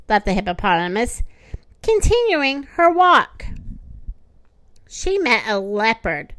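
A woman reading a children's storybook aloud in a gentle, expressive way. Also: a little high, measured pace, no echo.

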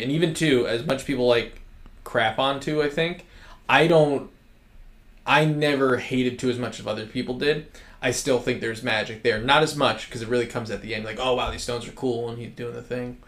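A man's voice: medium pitch, moderate pace, a bit bright. A man co-hosting a podcast, telling stories and sharing movie opinions with enthusiasm. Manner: enthusiastic storytelling. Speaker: podcast co-host. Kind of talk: casual chat. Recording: echoey room.

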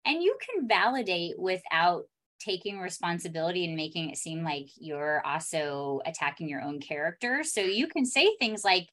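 A woman talking as a relationship expert on a podcast, calm and explanatory, acting out bits of example dialogue. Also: fairly low pitch, moderate pace. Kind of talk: podcast conversation.

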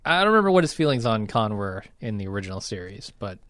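A man in casual podcast chat, relaxed and agreeable, often answering with short replies. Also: lowish voice, fast, no echo.

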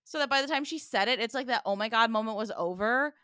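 A woman's voice: on the high side, quick pace, sharp tone, dry recording, studio quality. A young woman co-hosting a podcast, riffing with crude jokes and rambling critiques. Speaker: podcast co-host. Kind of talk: casual comedic chat.

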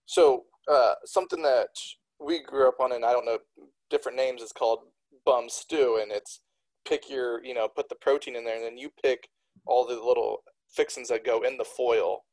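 Co-host: relaxed man, mid-pitched, asks questions, casual. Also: moderate pace, low-quality recording. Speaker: podcast co-host. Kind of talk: casual chat.

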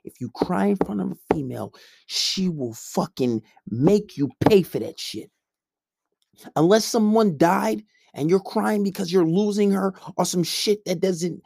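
A male coach in a blunt, combative rant, swearing constantly. His voice is dark and mellow. The sound is dry and close. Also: high-pitched, vocal fry, slightly rough, no echo. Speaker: men's coach. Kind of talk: profane ranting monologue.

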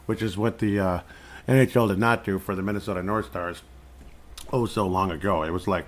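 A man's voice: sits low, fairly even intonation, fairly quick. A man hosting a podcast in casual sports chat, rambling along and chuckling between thoughts. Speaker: podcast host.

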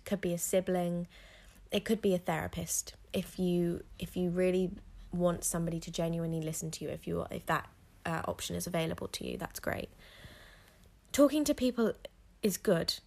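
Teen girl podcast host, lowish voice, candid, rambly, lots of fillers. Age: teens. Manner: frank, rambling, heavy on "like" fillers. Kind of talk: candid solo podcast monologue.

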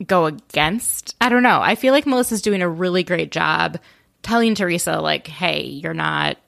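A woman with a low voice co-hosting a podcast in casual chat. She talks in a thoughtful, meandering way and often restarts her sentences. The recording is close and dry. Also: lively intonation, moderate pace, gravelly, a bit bright, no room sound. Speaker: podcast co-host.

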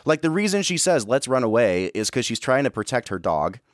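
A man's voice: medium pitch, big pitch swings, fairly quick, no echo, clean studio sound. A man co-hosting a film podcast, talking in an earnest, reflective way with frequent restarts. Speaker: podcast co-host. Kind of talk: casual film review chat.

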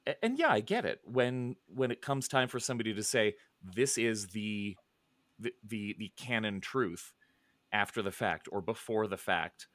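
A middle-aged man chatting casually, rambling with many restarts and soft chuckles. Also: lowish voice, animated, normal speed, no room sound. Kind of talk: casual chat.

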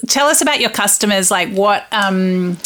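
A woman's voice: medium pitch, animated, moderate pace, a bit bright. A woman interviewer asking questions with enthusiastic, effusive praise.

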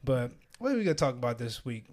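A young man hosts a podcast, telling stories in loose, casual chat packed with slang and frequent laughter. His mid-range voice is very animated, fast, and somewhat dark in tone.

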